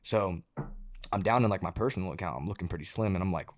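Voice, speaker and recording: A man telling a story as a podcast guest, in a casual, animated way, swearing and laughing as he talks. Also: sits low, quick pace, no room sound, studio quality. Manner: animated, profane, laughs mid-sentence.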